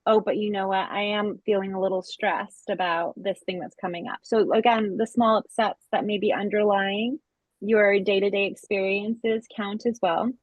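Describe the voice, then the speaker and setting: A woman co-hosting a spiritual lesson, calmly explaining how to practice it. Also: mid-range voice, moderate pace, dry recording, dull audio. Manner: calm, explanatory. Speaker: co-host.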